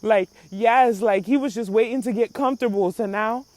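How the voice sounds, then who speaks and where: A woman's voice: a little high, normal speed, no room sound. Laughing, slangy woman podcast host. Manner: laughing, slangy, animated storytelling. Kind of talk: casual commentary.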